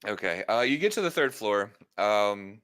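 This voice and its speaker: A man running a tabletop role-playing game as game master, with a very low voice that still sounds bright and crisp. He describes each scene loosely, filling it with fillers and restarts. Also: animated, moderate pace. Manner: rambling descriptions full of fillers and self-corrections; laughs often between lines.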